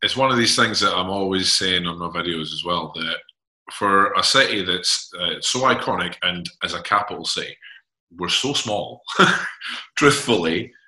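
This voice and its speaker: A male host with a very deep voice that is also strikingly bright and sharp talks in a relaxed, friendly way. He sometimes stumbles as he starts his thoughts. His voice echoes around the room. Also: moderate pace. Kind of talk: casual interview.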